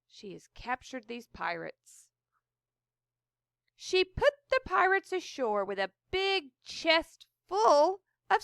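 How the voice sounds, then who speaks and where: A woman reading a picture book aloud with expressive gasps of wonder and chatty asides about the pictures. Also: high voice, no echo, studio quality. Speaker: storybook reader.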